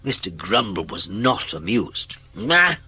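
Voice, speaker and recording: A man reading a children's storybook aloud in an expressive read-aloud manner. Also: mid-range voice, measured pace, slightly rough. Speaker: narrator.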